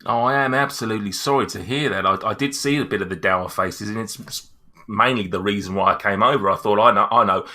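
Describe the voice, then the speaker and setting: A man's voice: lowish voice, fast talker, pushed and bright. A man playing a clumsy, overeager tavern local who rambles and stammers apologetically. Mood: eager.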